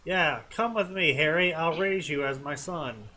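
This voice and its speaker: A man reading the lines of an ancient male devil in a slow, flat, formal way, close to his own voice. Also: fairly high pitch, slight background noise. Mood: solemn.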